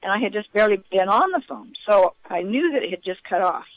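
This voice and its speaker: A woman recounting events as an interview guest, in a halting way with many fillers and restarts. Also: mid-range voice, expressive, no echo. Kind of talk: eyewitness account in a radio interview. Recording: dull, lo-fi radio audio.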